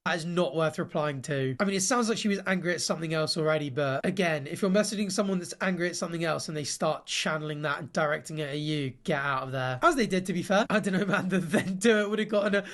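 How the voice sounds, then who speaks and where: A man with a high voice gives casual reaction commentary. He is sarcastic and fires off quick asides as he reads through screenshots on stream. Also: fairly bright tone.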